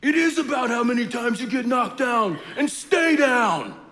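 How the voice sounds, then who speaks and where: A man's voice: very high voice, animated, a little slow, fairly bright tone, voice pushed up, heavily acted. Tough boxer pep talk, a man putting it on, earnest, echoey hall.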